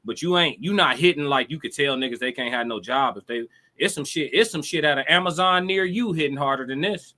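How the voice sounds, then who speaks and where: A man's voice: a little high, a little fast, hardly any pauses, sharp tone. A man hosting a live show, reacting to clips with blunt, profane, mocking commentary and frequent restarts.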